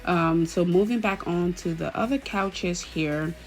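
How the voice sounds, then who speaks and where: A woman chatting casually through a home decor vlog, gushing now and then with excited cheers. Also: on the low side, measured pace, faint music behind. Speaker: home vlogger.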